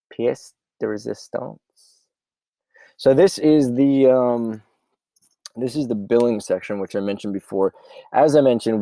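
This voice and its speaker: Business owner, male, low gravelly voice, loose and offhand, explaining his software as he clicks through. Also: dry recording. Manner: rambling and offhand, thinking aloud. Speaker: meal prep business owner. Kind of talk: casual software walkthrough.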